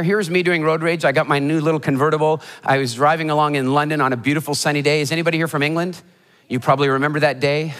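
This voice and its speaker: A motivational speaker telling funny stories in a keynote talk before a live audience, animated and acting out the voices of people in his stories. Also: on the high side. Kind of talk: humorous storytelling keynote talk. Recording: hall reverb of a live talk.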